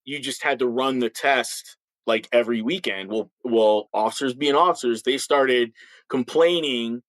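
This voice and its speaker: A man's voice: mid-range voice, unhurried, no echo, rough recording. A man in his fifties, a retired police officer, telling blunt stories in an interview with a slight lisp and frequent restarts. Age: 50s. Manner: blunt, emphatic, repeats words when starting sentences. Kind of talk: candid interview storytelling.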